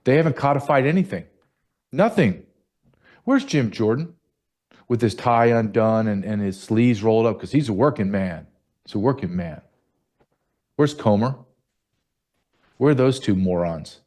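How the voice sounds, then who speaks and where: A man's voice: fairly low pitch, expressive, measured pace, pauses often, a little mellow. A man hosting a political commentary show, combative and mocking, firing off rhetorical questions. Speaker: show host.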